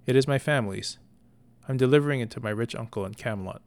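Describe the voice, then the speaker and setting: A man voicing a cunning young noblewoman who sweet-talks and threatens quietly. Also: mid-range voice, fast talker, creaky, clear, resonant tone, lightly acted. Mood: coaxing. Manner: sweet-talking, quietly menacing.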